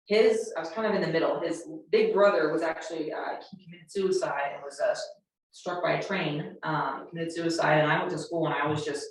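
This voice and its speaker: A woman presenting an earnest workshop talk to educators, repeating phrases for emphasis. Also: on the low side. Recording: echoey room, voice from far off the mic.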